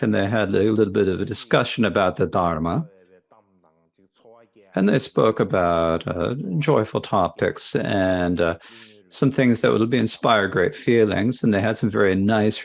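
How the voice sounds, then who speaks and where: Gravelly man retelling a Buddhist tale. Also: fairly low pitch. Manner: plain, repetitive storytelling with asides. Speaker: interpreter of a Buddhist teaching. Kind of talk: retelling a scripture story in a lecture.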